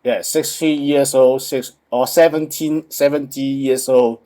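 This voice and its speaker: A man with a Hong Kong accent, an English learner who speaks in halting, repeated phrases in a casual lesson. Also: medium pitch, fairly even intonation, dark tone. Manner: halting, repeats words, hums along.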